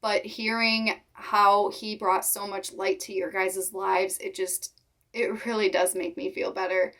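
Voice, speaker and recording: A young woman talking to her viewers in a personal vlog, speaking sincerely and haltingly while holding back tears. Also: mid-range voice, level tone, fairly bright tone. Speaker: reptile keeper vlogger. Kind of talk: emotional personal vlog talk.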